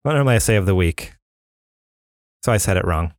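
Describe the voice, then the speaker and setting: An easygoing man hosts a podcast, chatting casually with a chuckle. His voice sits fairly low. The close studio mic gives a dry sound. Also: animated, a little fast, no room sound. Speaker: podcast host.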